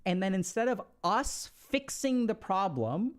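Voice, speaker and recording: Man, slightly high voice, casual advice talk, chatty, lots of fillers. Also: sing-song, a little slow. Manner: conversational, filler-heavy, checks in with "right?". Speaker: speaker giving relationship advice.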